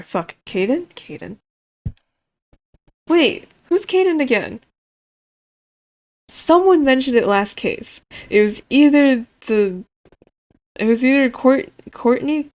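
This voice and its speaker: Excitable woman streaming a game. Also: medium pitch. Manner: excitable, swearing, laughing often. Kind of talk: casual gaming commentary.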